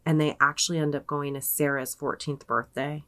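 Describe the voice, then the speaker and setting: A woman's voice: low voice, flat delivery, normal speed, pushed and bright. A young adult woman co-hosting a podcast, casually retelling a story, peppering it with "like" and quoting people in her own voice. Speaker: podcast co-host.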